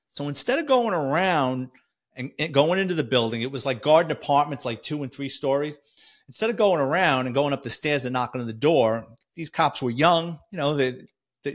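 A man with a New York accent, a former police officer telling a vivid first-person story in a conversational, halting way. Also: mid-range voice, a bit bright.

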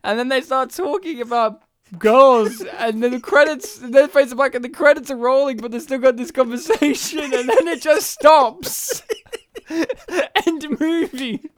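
A man, casually recapping a film on a podcast, animated and swearing often. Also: extremely high pitch, moderate pace, no echo, clean studio sound. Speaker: podcast co-host. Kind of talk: casual movie recap chat.

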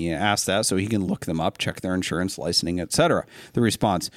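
A man's voice: low voice, brisk, hardly any pauses, no room sound, studio quality. A man hosting a podcast, telling stories and giving advice in a rambling, casual way. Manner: rambling, many fillers and restarts, storytelling. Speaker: podcast host. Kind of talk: casual chat.

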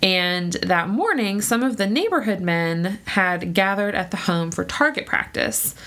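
A woman co-hosting a casual chat, telling a story with frequent laughs and lively quoted voices. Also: medium pitch, unhurried. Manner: chatty, laughs often, lively quoting voices. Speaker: podcast co-host telling a true story.

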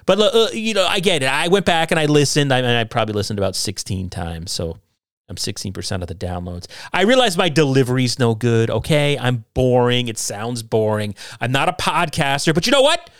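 A man's voice: medium pitch, lively intonation, a little fast, a bit bright, dry recording, studio quality. A middle-aged man hosting a solo podcast from his basement, talking in a sarcastic, combative and self-deprecating way. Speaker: podcast host. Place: home basement.

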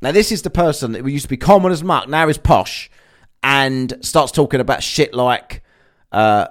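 A man's voice: medium pitch, expressive, normal speed. A man delivering a sarcastic, sweary ranting monologue as a vlogger.

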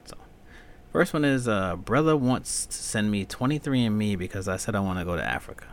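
Profane rambling man, low voice. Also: lively intonation, brisk. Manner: profane, rambling, gets loud and high when ranting. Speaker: podcast host. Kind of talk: solo podcast rant.

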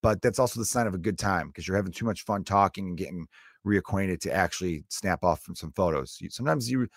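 A male comedian talks fast on his solo podcast, rambling loosely with joking, animated asides. His voice is a bit low, and the sound is dry and close with no echo or room around it.

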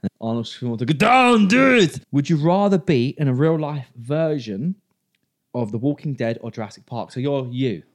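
A man's voice: medium pitch, a little fast, warm tone. A man co-hosting a podcast, blunt and jokey, swearing freely and putting questions to his co-host. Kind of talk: casual banter.

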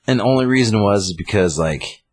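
A man's voice: fairly low pitch, expressive, brisk, husky, no echo. A man casually recapping a comic story, rambling with lots of fillers. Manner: rambling retelling with many fillers. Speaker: comic book reviewer. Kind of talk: casual chat.

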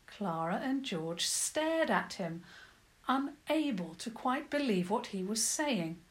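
Expressive woman reading a children's story. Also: mid-range voice, slow pace.

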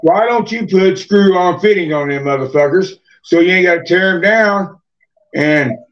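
A man's voice: high-pitched, moderate pace. A man telling a long rambling story in casual chat, cursing constantly and padding with "man" and "you know". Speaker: podcast guest, moonshiner. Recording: dull lo-fi podcast audio.

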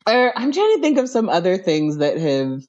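A woman's voice: medium pitch, sing-song, normal speed, darkish tone, dull audio. A woman guest in a podcast interview, telling funny stories casually, laughing often and restarting her sentences.

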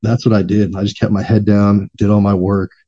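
A man's voice: fairly low pitch, flat delivery, a little fast, dark tone, dull audio. A man, a veteran podcast guest, telling long profane anecdotes in a laid-back, rambling way. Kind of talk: casual storytelling.

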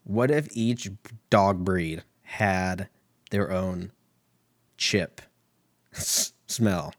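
A man's voice: sits low, drawn-out words, no echo, clean studio sound. A man in his thirties hosting a podcast, rambling alone in a crude, profane, self-mocking way that keeps drifting into tangents. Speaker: podcast host. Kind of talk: rambling casual monologue.

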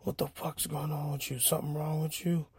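A man voicing an agitated, hostile man on the street who swears defensively, in a low, gravelly voice. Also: flat delivery, brisk, a little mellow, no echo. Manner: defensive, profane outbursts.

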